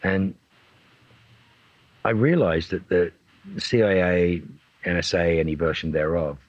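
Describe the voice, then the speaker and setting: A middle-aged man with a very low, husky voice spins an anecdote as a podcast guest, slipping into the voices of the people in his story. The sound is dry and close, with a dull, lo-fi tone. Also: measured pace, no echo. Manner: lively storyteller who acts out other people's lines. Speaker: guest actor. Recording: dull lo-fi recording.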